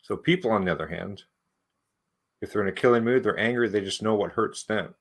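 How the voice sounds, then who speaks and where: A man's voice: on the low side, a little fast. A man hosting a casual comic book breakdown, laid-back and laughing often. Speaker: comic review host.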